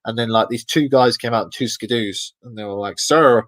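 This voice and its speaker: A man, the guest in an interview, telling lively anecdotes in a casual way and acting out the voices of people he quotes. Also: on the low side, a little fast, dry recording, low-quality recording. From Britain. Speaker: expedition guest.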